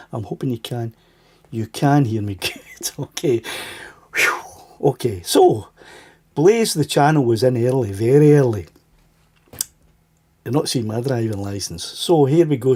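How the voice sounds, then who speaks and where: A man's voice: mid-range voice, dark tone, husky. Scottish man with a stuffy cold. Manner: chatty, greets viewers by name, laughs often. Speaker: livestream host. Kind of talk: casual live chat.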